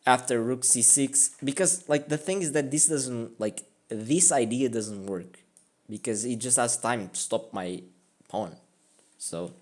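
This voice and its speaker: A man's voice: mid-range voice, expressive, a little slow, darkish tone. A man giving casual, rambling commentary on his own chess game, mocking his own mistakes and filling his talk with "like" and "I mean.".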